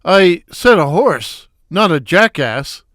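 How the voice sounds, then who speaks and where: A man voicing a brash, wisecracking middle-aged comedian with a loud foghorn voice, firing off punchy gags in a comic story reading. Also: high voice, sing-song, slow pace, no room sound, clean studio sound, exaggerated voice.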